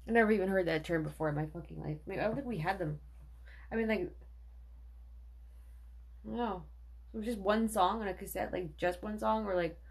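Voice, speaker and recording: A woman's voice: lowish voice, breathy edge. Rambling, profane woman in her thirties. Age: 30s. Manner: rambling and profane, with many fillers. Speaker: livestream host. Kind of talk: casual livestream chat.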